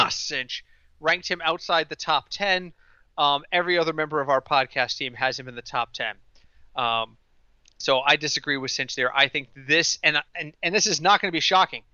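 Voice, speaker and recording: Casting: male podcast host, very bright and forward tone, dry dull mic, lively storyteller. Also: on the high side, clean tone, no echo. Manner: animated storyteller, mimics others in quoted voices. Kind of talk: casual podcast chat.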